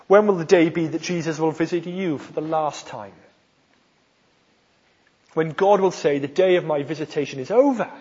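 A man's voice: fairly high pitch, moderate pace, pauses often, warm tone, slightly rough. A man from South Wales with a Welsh accent, preaching a sermon with emphatic stresses on key phrases. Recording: long hall reverb, dull sound.

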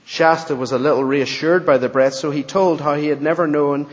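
A man preaching a sermon and reading a story aloud, in a measured, earnest way. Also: a little high, steady tone, big-room sound, dull audio. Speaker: pastor.

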